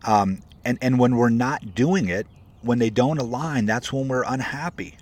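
A man talks casually to his viewers, coaching them toward happiness and discipline. He is emphatic and repeats himself for effect, calling his audience "guys" as he goes. His voice sits at an ordinary, mid-range pitch for a man. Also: unhurried, a little mellow. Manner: conversational and emphatic, repeats points, says "guys" often; greets viewers by name while talking. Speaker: motivational vlogger and coach for real estate agents. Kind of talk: casual motivational talk to camera.

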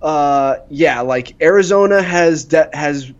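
A man's voice: on the high side, takes it slowly. Easygoing man on a dull-sounding mic. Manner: easygoing, hesitant, many uhs. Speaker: podcast co-host. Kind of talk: casual baseball chat.

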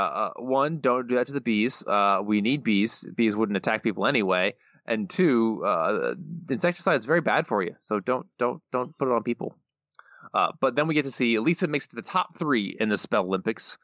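A man's voice: medium pitch, fairly bright tone, no echo, lo-fi sound. A man co-hosting a podcast, recapping a cartoon episode in a wry, rambling casual chat. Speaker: podcast co-host.

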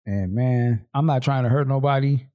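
Podcast co-host, man, casual slangy storyteller, middle pitch. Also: moderate pace, warm tone. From Seattle, Washington. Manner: storytelling, slangy, acts out dialogue. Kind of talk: casual chat.

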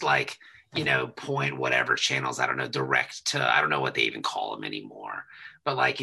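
A man hosting a casual podcast, his voice bright and strongly gravelly. He talks with lively ups and downs and swears freely. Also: mid-range voice. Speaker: podcast host. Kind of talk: casual chat.

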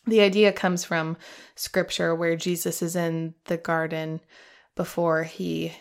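Woman, middle-aged, slightly low voice, heartfelt faith storytelling, podcast host, emotional. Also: flat delivery, takes it slowly, vocal fry. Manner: heartfelt, emotional, laughs through tears.

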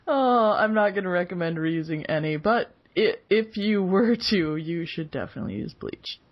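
A woman's voice: lowish voice, a little slow, long pauses. A woman hosting a casual podcast chat, giggling and laughing often as she talks. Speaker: podcast host. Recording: dull lo-fi recording.

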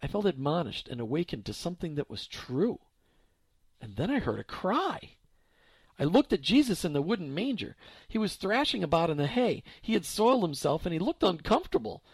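A man narrates a story aloud in a reflective, expressive reading. His voice sits a little high and moves a lot in pitch. The recording is dry and close, with no room sound. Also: fairly quick, slightly rough, no echo.

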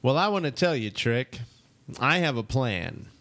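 A man's voice: medium pitch, big pitch swings, measured pace, fairly bright tone. A man co-hosting a casual radio talk show, joking and a bit hesitant.

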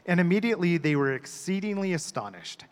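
A man giving a measured, unhurried scripture reading. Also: high voice, very animated. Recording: echoey hall.

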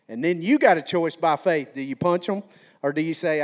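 A man's voice: fairly high pitch, fairly even intonation, brisk. A male pastor preaching a sermon in a folksy, conversational way, repeating phrases for emphasis.

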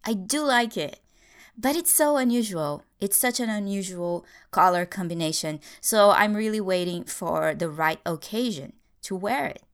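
A woman's voice: medium pitch, lively intonation, moderate pace, hardly any pauses, smooth. A woman hosting a podcast English lesson, explaining grammar with little acted stories, speaking English as a Portuguese speaker. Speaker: English teacher, podcast host.

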